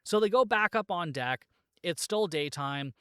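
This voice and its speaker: A man's voice: high voice, expressive, unhurried, bright, forceful tone, clear, resonant tone, no room sound, studio quality. A man hosting a podcast, casually retelling a movie plot with lots of fillers and joking asides. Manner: rambling, filler-heavy retelling with frequent "like"; jokey, laughs at his own asides. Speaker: podcast host.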